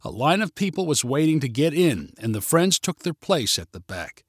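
Expressive male storyteller, dry sound. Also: fairly high pitch, normal speed, breathy edge, no echo. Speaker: narrator. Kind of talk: scripted story narration.

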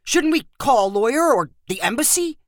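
A woman's voice: fairly high pitch, big pitch swings, moderate pace, no echo, studio quality, pitched above the performer's own voice. A woman voicing an uneasy young man in a story reading, asking worried questions.

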